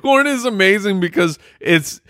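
Excitable man with a lively voice. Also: high-pitched, moderate pace, no room sound, clean studio sound. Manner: excitable, laughs easily, hedging. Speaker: podcast co-host. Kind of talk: casual banter.

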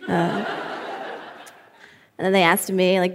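A young woman from New Jersey doing a stand-up comedy set, dry and deadpan, with lots of "like" and "um". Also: medium pitch, normal speed. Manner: dry, deadpan delivery with filler words. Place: comedy club stage.

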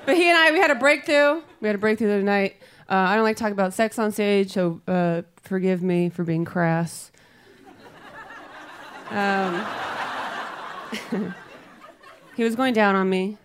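A woman's voice: mid-range voice, a little slow, long pauses. A woman doing stand-up comedy on stage with a handheld mic, delivering a brash, profane, punchy set. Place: comedy stage before a live audience. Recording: live room with loud crowd noise.

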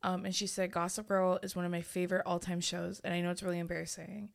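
A young woman in her twenties co-hosts a casual podcast, laughing easily and tossing in short teasing remarks. She sounds relaxed and playful in her back-and-forth. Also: on the low side, creaky. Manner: giggly, quick teasing interjections. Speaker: podcast co-host. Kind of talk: casual chat.

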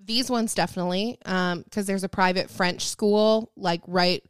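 A woman co-hosting a podcast, telling relaxed stories in casual chat with soft laughs. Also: mid-range voice, normal speed, clear, resonant tone, dry recording, studio quality. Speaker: podcast co-host.

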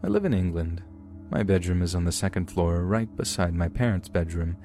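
Deep-voiced man narrating horror stories. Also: animated, a little fast, mellow, soft background music. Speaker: podcast host reading listener stories. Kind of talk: scripted horror story narration.

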